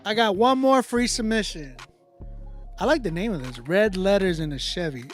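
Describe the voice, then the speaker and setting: A man hosting a casual livestream, chatting with viewers in slang and often trailing off into quiet mumbles. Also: sits high, expressive, normal speed, soft background music. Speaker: livestream host running a song battle.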